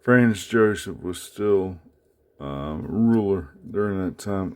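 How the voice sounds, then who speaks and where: A man casually talking through his coin collection in a home vlog, halting with many fillers as he handles each piece. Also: deep voice. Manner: unhurried, many fillers, speaks haltingly while handling items. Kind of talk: casual show-and-tell vlog.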